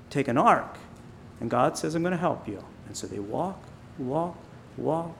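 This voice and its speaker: A man preaching an informal sermon, building up loud on key phrases and dropping quiet on others. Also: on the high side, gravelly, slight background noise. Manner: emphatic, rising loud on key phrases, slowing on quiet points.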